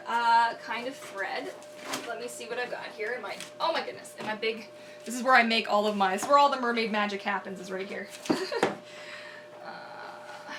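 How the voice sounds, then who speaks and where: A woman's voice: a little high, background noise. A young woman who performs as a mermaid, chatting casually and animatedly to viewers on a live stream and laughing often.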